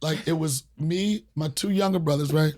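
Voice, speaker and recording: A man's voice: on the high side, normal speed. A man from the Washington, D.C. area, hosting a podcast and telling a long story in casual chat with lots of swearing and acted-out voices. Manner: animated, profane storyteller acting out voices. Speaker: podcast host.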